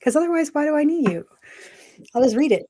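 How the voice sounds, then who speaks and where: A middle-aged woman co-hosting a casual podcast, talking in an animated, chatty way and laughing often. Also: sits high, quick pace. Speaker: podcast co-host.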